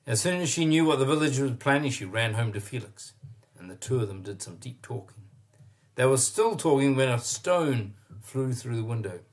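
Man reading a children's story aloud. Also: mid-range voice. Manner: expressive, pauses to point at pictures.

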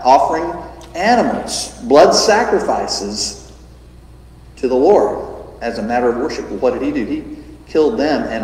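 A man preaching a sermon as pastor, emphatic and full of rhetorical questions, shifting between loud and soft delivery. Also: medium pitch. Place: church sanctuary. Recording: echoey hall, distant mic.

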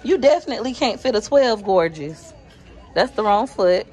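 A woman's voice: mid-range voice, lively intonation, moderate pace, a little mellow. A woman, chatting to viewers on a casual shopping vlog in a store, recorded on a handheld phone. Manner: chatty, addresses viewers directly. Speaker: vlogger.

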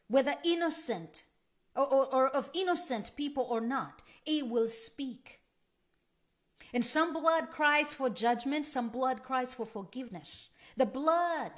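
A woman preaching a sermon in an earnest, emphatic way, repeating key phrases for stress. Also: on the high side.

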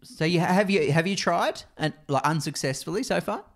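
A man's voice: a little high, normal speed. A man co-hosting a podcast, asking curious questions with hesitant restarts. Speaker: podcast co-host. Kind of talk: casual podcast chat.

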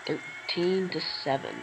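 Slow-talking man calling his own game. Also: sits high, background noise. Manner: excitable play-by-play, often clears throat. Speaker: gaming commentator. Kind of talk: casual gameplay commentary.

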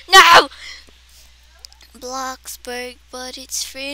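A woman giving excitable, dramatic commentary while playing a game, with playful exaggeration and frequent gasps. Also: high-pitched, slow, long pauses. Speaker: gameplay streamer. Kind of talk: casual gameplay commentary.

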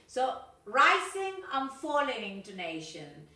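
A woman English teacher giving a recorded video lesson, slow and instructive, checking in with words like "okay?" and "yes?". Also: sits high, very animated, pushed and bright. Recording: echoey room, mic far off.

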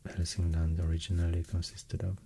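Soft-spoken ASMR man, Swedish accent, deep and very mellow, slow hesitant whisper. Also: level tone, slight background noise. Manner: soft, mostly whispered, hesitant with many fillers. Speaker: ASMR host.

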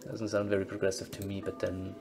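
A man's voice: low voice, completely flat delivery, quick pace, music in the background. A man casually commentating on a game he plays, reading its text aloud and adding dry, wry asides. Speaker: let's-play host.

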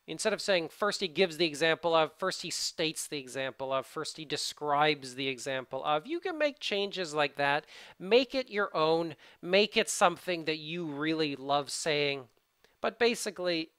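Fast-talking teacher with a Canadian accent. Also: medium pitch, fairly bright tone, dry recording. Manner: fast-talking, casual, informal asides. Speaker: English test prep teacher. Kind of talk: video tutorial.

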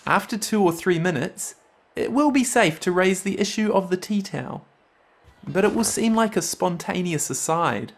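A man's voice: high voice, expressive, normal speed, faint music behind. A man with a New Zealand accent in a scripted comedy sketch, explaining things in a laid-back, friendly way. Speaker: flatmate giving advice.

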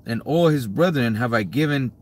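A man reading old-fashioned Bible verses aloud, slowly and carefully, during a study session. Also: medium pitch, expressive, a little mellow.

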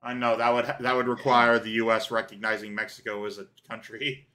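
Bright-voiced rambling man hosting a gameplay chat. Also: mid-range voice, flat delivery, a little fast, faint music behind. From Canada. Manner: rambling, joking, lots of fillers and restarts. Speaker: gaming channel host.

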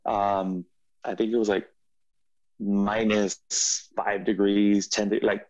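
A man who is a podcast guest, telling a personal story in a relaxed interview with frequent restarts and repeats. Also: lowish voice, slow, muffled recording. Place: studio.

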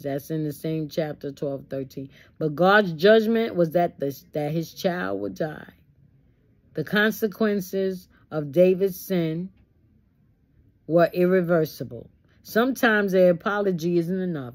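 Lowish-voiced woman teaching Bible study. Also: measured pace, a little mellow. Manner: folksy, preachy asides, acts out quotes.

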